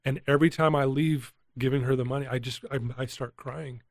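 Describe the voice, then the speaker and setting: A middle-aged man recounts a personal turning point as an interview guest, speaking earnestly and with feeling. His voice sits in an ordinary middle pitch, recorded close and dry with no room sound. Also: a little fast, no echo. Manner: earnest, emotional, animated retelling. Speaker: guest, addiction recovery coach. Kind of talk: candid storytelling interview.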